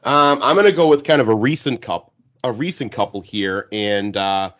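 A man with the hiccups chatting casually on a podcast panel, enthusiastic and halting, with lots of filler words. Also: mid-range voice, fairly bright tone. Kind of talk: casual chat. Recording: dull lo-fi audio.

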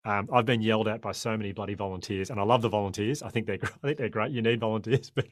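A man's voice: on the low side, steady tone, rapid-fire, no room sound, clean studio sound. An Australian man in his forties, a podcast guest talking with passion and frequent restarts. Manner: impassioned, rambling with frequent restarts. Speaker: guest, former cricketer turned sprinter. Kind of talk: podcast conversation.

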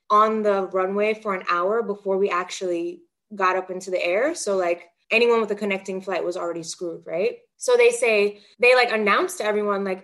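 A woman's voice: mid-range voice, a bit bright. A young adult woman co-hosting a podcast, telling stories in casual chat with lots of filler words. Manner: chatty storyteller, lots of "like" fillers. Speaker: podcast co-host.

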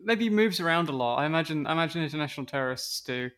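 A man's voice: on the high side, animated, racing, a bit bright. A man co-hosting a comedy podcast, chatting in a loose, rambling way. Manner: laughing easily, loose and rambling. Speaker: podcast co-host. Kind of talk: comedic show recap chat.

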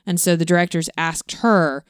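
Smooth-voiced woman explaining patiently. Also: fairly low pitch, steady tone, normal speed, dry recording, clean studio sound. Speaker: co-host, parent. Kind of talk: casual film discussion.

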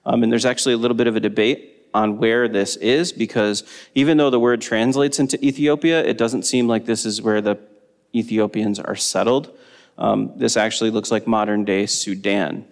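A man teaching a Bible study lesson, explaining in a relaxed way with frequent ums. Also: on the low side, normal speed, long reverb tail.

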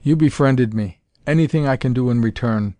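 Steady hero flyer voiced by a man, quiet, grim, audiobook, no echo. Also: mid-range voice, normal speed, lightly acted. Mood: tender.

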